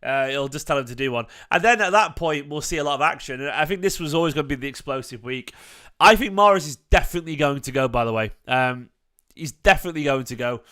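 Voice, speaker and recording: Hosting a fan channel livestream, a man chats casually and opinionatedly about football transfers, rambling with fillers and restarts. He talks fast in a high, sharp, clean-toned voice.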